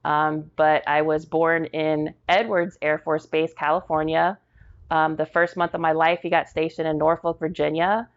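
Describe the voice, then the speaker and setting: A woman in her forties, a military veteran and podcast guest, telling lively stories in a casual interview and acting out what people said. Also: low-pitched, normal speed, dull audio. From Tampa, Florida. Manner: animated storyteller acting out quotes.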